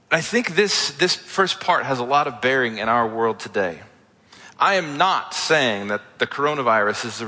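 Pastor guy preaching casual, bright voice, lots of hall echo. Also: mid-range voice. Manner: casual storytelling, conversational asides. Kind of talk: sermon. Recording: echoey hall.

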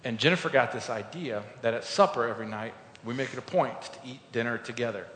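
A man delivers a sermon in an earnest, storytelling way, rising to loud emphasis and sinking to quiet reflection. His mid-pitched voice rings through a large echoey hall. A faint rumble sits under the recording. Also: fast. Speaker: pastor.

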